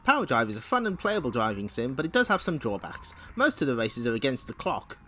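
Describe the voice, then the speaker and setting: Wry, lively male streamer. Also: medium pitch, brisk, faint music behind. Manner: laughs often, wry asides, lively. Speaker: streamer reading comics aloud. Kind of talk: casual chat and read-along.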